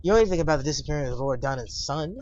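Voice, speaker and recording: A polite male investigator, as a man reads him out, asking his questions in a formal, courteous manner. His voice sits a little higher than most men's. The audio is dull and lo-fi. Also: lively intonation, rapid-fire, darkish tone, natural voice.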